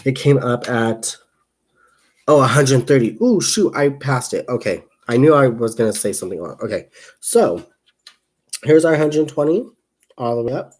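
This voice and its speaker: A young man chats casually through a crochet livestream, rambling from topic to topic and answering viewer comments. His voice sits at an ordinary middle pitch. Every so often he drops into quiet counting as he works his stitches. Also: animated, normal speed, long pauses. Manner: rambling and chatty, reads viewer comments aloud, counts stitches under the breath.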